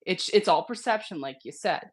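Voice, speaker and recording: A woman guest in a casual interview, explaining with earnest, gentle warmth, her throat slightly sick. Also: fairly low pitch, animated, fairly quick.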